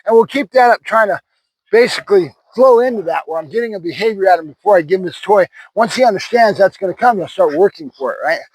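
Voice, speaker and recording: A man's voice: sits high, expressive, quick pace, breathy edge, no echo, low-quality recording. A man working as a dog trainer outdoors, talking to the camera while cueing and praising a puppy, often tagging "right?" on his points. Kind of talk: running commentary during training.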